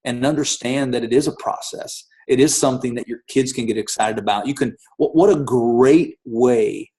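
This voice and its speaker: An upbeat man hosts a motivational talk at a medium pitch. He speaks straight to his listeners and urges them to think big and act. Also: moderate pace, mellow. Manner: upbeat, exhorting, addresses listeners directly. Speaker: host.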